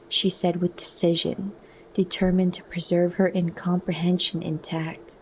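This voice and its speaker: Soft, slow ASMR reader, a woman. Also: fairly low pitch, flat delivery, slight background noise. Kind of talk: ASMR audiobook reading.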